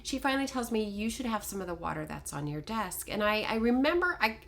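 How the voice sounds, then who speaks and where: A middle-aged woman telling a personal story to camera in a casual, animated, self-deprecating way. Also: mid-range voice, brisk, gravelly. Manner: animated, self-deprecating, quotes others in dialogue. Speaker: vlogger telling a life story.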